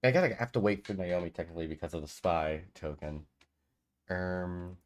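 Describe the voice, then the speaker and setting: A man with a fairly low voice runs a game night on stream as its storyteller. He chats loosely and laughs often. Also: moderate pace. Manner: chatty, laughs easily. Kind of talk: casual game-night chat.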